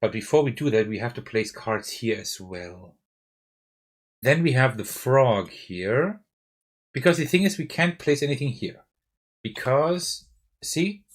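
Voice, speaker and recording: A man's voice: mid-range voice, lively intonation, unhurried, long pauses. A man with a German accent, streaming a live card game playthrough and thinking aloud, often checking himself with "right?". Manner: thinking aloud, self-questioning with frequent "right?". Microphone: desk mic with face cam.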